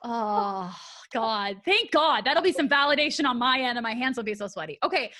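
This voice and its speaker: A woman hosting a casual podcast interview, gushing and excitable, swearing freely. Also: fairly high pitch, normal speed, a crowd in the background. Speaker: podcast host.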